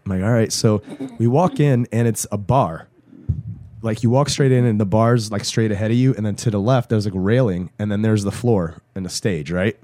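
A man with a voice hoarse from a cold, chatting casually as a podcast co-host and rambling through a story with lots of fillers. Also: lowish voice, a little fast, mellow, no room sound. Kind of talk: casual chat.

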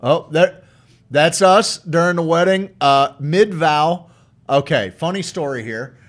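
A man's voice: a little high, a little slow. A man casually telling stories on a podcast, laid-back, with many "uh"s and casual swearing. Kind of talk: casual storytelling chat.

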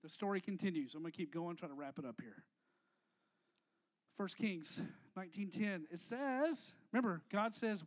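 A young adult man, a pastor, preaching a casual, slangy sermon that swings between hushed asides and loud, emphatic lines. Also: high-pitched, normal speed.

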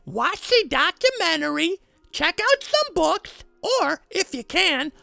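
Casting: a high-pitched, gravelly little cartoon boy, chatty and dramatic, swooping wildly up and down. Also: big pitch swings, slow, pushed and bright, no room sound, faint music behind, exaggerated voice. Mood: enthusiastic. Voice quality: high squeaky voice with a gravelly edge. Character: excitable young cartoonish boy. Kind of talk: children's podcast puppet role.

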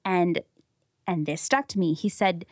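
Woman, 30s, podcast co-host, lively storyteller, dry studio sound. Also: fairly low pitch, unhurried, no echo. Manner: animated storyteller, acts out quoted people. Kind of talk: casual chat, storytelling.

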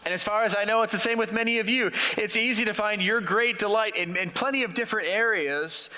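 A man's voice: sits high, fairly quick, pushed and bright. A middle-aged man preaching a sermon as pastor, conversational and questioning his congregation. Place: church. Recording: long reverb of a church hall.

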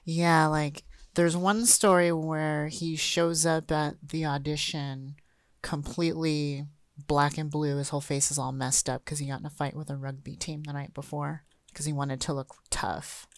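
A woman's voice: deep voice, level tone, unhurried, no echo, clean studio sound. A woman co-hosting a casual film podcast, laughing often and slipping into mimicked accents when she retells things.

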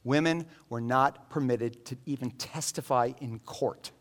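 A man preaching a sermon in an animated, joking storytelling manner. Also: medium pitch, a little slow. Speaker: pastor.

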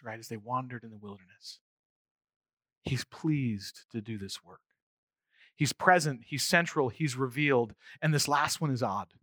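Animated preacher, man, dry close sound. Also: mid-range voice, dry recording. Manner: animated, rising to near-shouts for emphasis. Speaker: pastor. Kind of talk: sermon.

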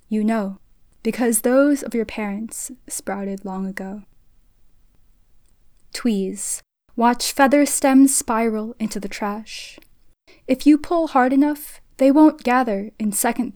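A woman reading a literary short story aloud in a soft, hushed voice that sometimes drops to a whisper. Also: medium pitch, no echo. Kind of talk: literary reading in second person.

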